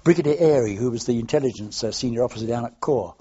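A man's voice: mid-range voice, fast, warm tone, slightly rough. An older man, a war veteran, telling anecdotes in an oral history interview, rambling and restarting as he goes. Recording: dull lo-fi archive tape.

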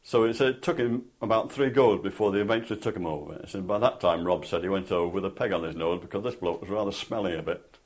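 A man's voice: low voice, quick pace. An older man telling rambling anecdotes with many fillers in an oral history interview. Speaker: interviewee, former parachute instructor. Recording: dull lo-fi tape recording.

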